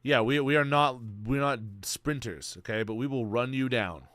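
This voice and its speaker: A young man streaming, chatting casually in a rambling, slang-heavy, excitable way. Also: mid-range voice, moderate pace, no room sound. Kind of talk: casual chat.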